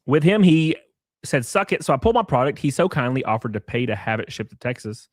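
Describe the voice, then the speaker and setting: A man's voice: medium pitch, sing-song, quick pace, a little mellow, no echo, studio quality. A man hosting a livestream, reading messages aloud with sarcastic, profane commentary. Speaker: streamer host.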